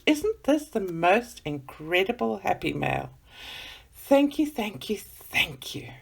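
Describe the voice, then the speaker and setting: A woman chatting excitedly as she unboxes gifts for her vlog, gushing and gasping with delight. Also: mid-range voice, slow pace, creaky, husky.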